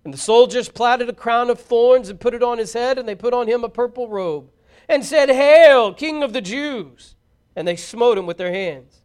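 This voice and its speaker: A man giving a solemn, measured formal scripture reading. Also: very high-pitched, darkish tone, smooth. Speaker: scripture reader.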